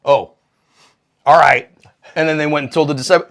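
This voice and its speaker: A man co-hosting a comedy podcast, retelling old stories in a profane, irreverent way and jumping into quoted voices. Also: normal speed. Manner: profane, animated, acts out quoted characters with big pitch jumps. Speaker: podcast co-host.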